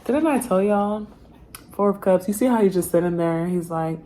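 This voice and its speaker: A woman's voice: mid-range voice, normal speed, warm tone. A woman giving a casual tarot reading straight to her viewers, chatty and full of slang. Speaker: tarot reader.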